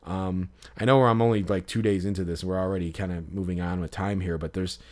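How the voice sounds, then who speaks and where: A man's voice: low voice, fairly even intonation, fast talker. A man hosting a podcast, telling a story in a rambling way, with many fillers and restarts. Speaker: podcast host. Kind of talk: casual podcast chat.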